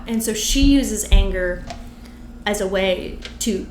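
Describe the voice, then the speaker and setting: A woman's voice: mid-range voice, unhurried. A woman stand-up comedian, a podcast guest, talking casually and animatedly about comedy. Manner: animated, acts out other comics' cadences. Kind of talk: casual conversation. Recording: roomy with faint noise.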